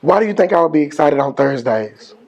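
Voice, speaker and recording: A middle-aged man, a school principal giving an energetic motivational speech with call-and-response and slangy phrasing. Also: a little high, brisk, dull audio. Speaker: high school principal, guest speaker.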